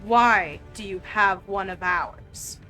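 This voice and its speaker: A woman voicing a curt, bright-voiced she-wolf pack leader. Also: medium pitch, slow pace, faint music behind, voice pushed down, rough recording. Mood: suspicious. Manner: curt, suspicious. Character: gray-furred female werewolf pack leader, wary and aggressive.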